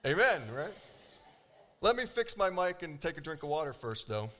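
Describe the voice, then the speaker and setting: A man serving as pastor delivers a sermon in a fairly high voice. He is animated and emphatic, acting out quoted lines and using dramatic pauses.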